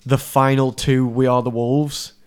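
A man's voice: medium pitch, level tone, unhurried, clean tone. A man chatting on a music podcast, loose and talkative. He laughs easily and swears casually as he rambles. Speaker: podcast co-host. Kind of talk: casual chat.

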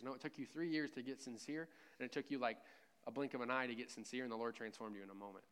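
A man's voice: mid-range voice, fairly even intonation, racing, fairly bright tone, clean tone. A man preaching a conversational sermon, with joking asides and a self-deprecating tone. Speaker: pastor.

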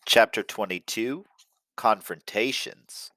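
A man reading his own storybook aloud as narrator, friendly and clear on a close mic. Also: lowish voice, animated, a little slow, sharp tone, no room sound. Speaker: author narrating his book. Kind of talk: audiobook narration.

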